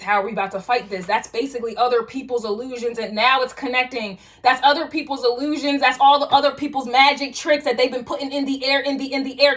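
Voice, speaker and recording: A woman's voice: a little high, a bit bright. A woman giving a casual tarot reading to viewers, talking in loose streetwise slang with frequent swearing and rambling restarts. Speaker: tarot reader.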